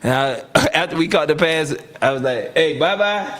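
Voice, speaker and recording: A man, a guest telling a lively sports story in casual chat, laughing often and acting out what people said. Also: fairly high pitch, moderate pace. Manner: animated, acts out quotes, laughs often. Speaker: guest, former NFL receiver.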